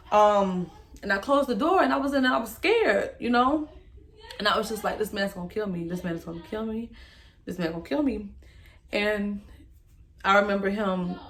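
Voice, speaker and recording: A young woman, emotionally recounting a personal story to the camera in a candid, halting way and speaking straight to her viewers. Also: mid-range voice, a bit bright. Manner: candid, halting, speaks to viewers as "y'all", voice rises when reliving moments. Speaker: vlogger telling her story.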